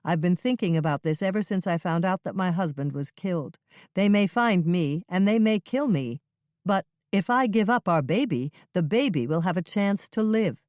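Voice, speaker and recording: Young widow in hiding, voiced by the narrator, earnest and steady. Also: mid-range voice, normal speed, no echo, lightly acted. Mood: resolute. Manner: earnest, pleading, firm. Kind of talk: audiobook reading.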